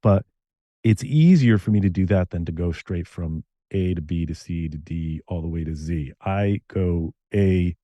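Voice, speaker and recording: Middle-aged man, interview guest, animated storyteller, very low voice, dry close sound. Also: no room sound. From Connecticut. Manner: animated storytelling, quick bursts. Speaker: guest, screenwriter and novelist. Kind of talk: casual interview conversation.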